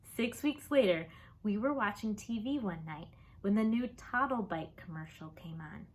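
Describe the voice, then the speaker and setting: A woman reading a children's book aloud, with expressive, lively storytelling. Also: mid-range voice, moderate pace. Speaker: audiobook reader.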